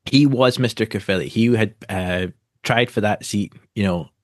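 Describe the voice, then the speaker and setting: A man's voice: fairly low pitch, moderate pace, no room sound, studio quality. A man co-hosting a podcast, talking in an easygoing way with many fillers. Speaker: podcast co-host. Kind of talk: casual podcast chat.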